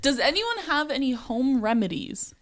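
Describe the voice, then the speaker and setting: Southern woman co-host, higher pitch, chatty storyteller. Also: sing-song, normal speed, crowd noise. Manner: laughing storyteller, swears casually. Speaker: podcast co-host. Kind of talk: casual chat.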